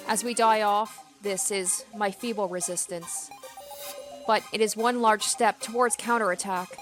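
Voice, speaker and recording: A woman voicing a dying man who speaks in a calm, measured and solemn way. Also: mid-range voice, natural voice.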